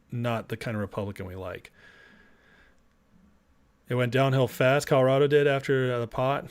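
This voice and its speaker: Man, livestream host, casual chat, excitable, emotional, reads chat aloud, mid pitch.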